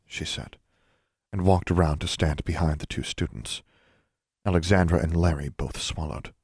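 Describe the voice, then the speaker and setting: A man narrating a story in a steady, even storytelling manner. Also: very deep voice, normal speed, breathy edge, dry recording, clean studio sound. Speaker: audiobook narrator. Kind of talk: scripted narration.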